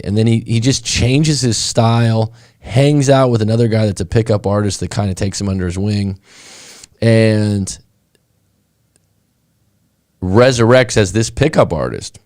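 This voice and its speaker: A man's voice: on the low side, measured pace, pauses often, a little mellow, dry recording, clean studio sound. A man coaching on a casual live stream, talking in a rambling, conversational way with many fillers and restarts. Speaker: breakup coach.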